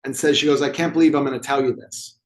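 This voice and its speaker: A man's voice: mid-range voice, steady tone, fast talker. A man telling a client story as a guest in an interview, acting out the dialogue with animation. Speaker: movement therapy expert guest.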